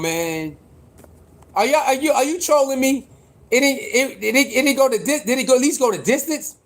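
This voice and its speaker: Male livestream host, higher voice, casual slangy rambling talk. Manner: chatty, repetitive, reacting to boxing news with slang.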